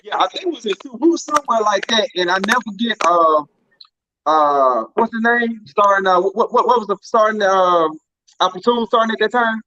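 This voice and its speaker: A man's voice: high voice, animated, normal speed, pushed and bright, muffled recording. A man, an army veteran, recalling old times with comrades in a rambling, hesitant way, often searching for names. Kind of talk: casual chat with old comrades.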